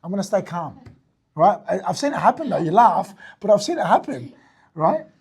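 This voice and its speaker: A fitness business owner teaching a group about sales. He talks blunt and energetic, swears casually and keeps checking in with "right?". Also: high voice, moderate pace, vocal fry, slightly rough. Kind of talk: teaching talk to an audience.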